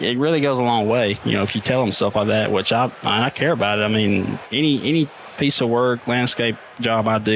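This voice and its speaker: A man's voice: medium pitch, a little hiss or hum, rough recording. A man who works as a landscaper, talking earnestly and casually, leaning heavily on "you know". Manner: earnest, leans on "you know", affirms often. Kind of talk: casual podcast chat.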